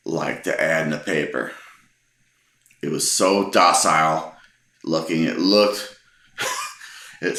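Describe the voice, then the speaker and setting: A man in his forties casually telling a funny personal story, relaxed and amused, often restarting his sentences. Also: low-pitched. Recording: roomy echo.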